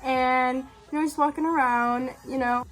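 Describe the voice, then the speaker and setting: A woman's voice: sits high, fairly even intonation, moderate pace, a bit bright, soft background music. A young woman telling a story to her viewers in a casual, chatty way, with lots of "like" and "um". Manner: chatty, full of "like" and "um", laughs often.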